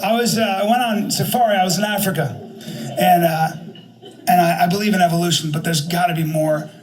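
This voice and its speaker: A man's voice: high voice, fairly even intonation, a little fast, poor audio. A man doing stand-up comedy in a flamboyant, theatrical way. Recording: loud background noise.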